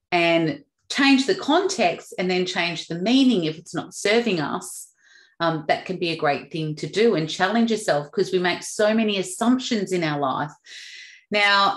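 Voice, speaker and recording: A woman's voice: lowish voice, echoey room. A woman hosting a self-help podcast, talking in a casual, chatty way and laughing now and then. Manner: chatty, laughs at her own stories. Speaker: podcast host.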